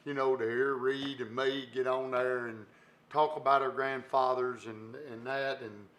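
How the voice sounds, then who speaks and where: A man's voice: mid-range voice, level tone, unhurried, a bit bright. A man hosting a fishing show's live stream, chatting in a folksy, rambling way with lots of fillers and restarts. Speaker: host. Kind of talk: live-stream chat reading viewer comments.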